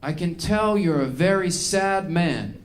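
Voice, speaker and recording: A man voicing a calm, soft-spoken hippie male acupuncturist in a stand-up bit. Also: on the high side, unhurried. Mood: soothing.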